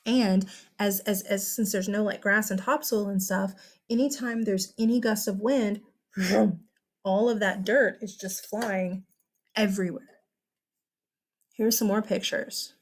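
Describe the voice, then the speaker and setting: A young woman with a Texan accent, teaching a recorded history lesson in a chatty, animated, exclamatory way. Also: mid-range voice, measured pace.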